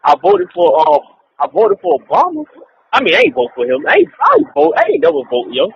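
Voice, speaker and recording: A man's voice: extremely high pitch, wildly swooping pitch, fast, creaky. A man co-hosting a casual podcast, ranting in a profane, rambling way and laughing often between remarks. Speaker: podcast co-host. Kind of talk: casual chat. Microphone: online call. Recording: dull lo-fi call audio with faint hiss.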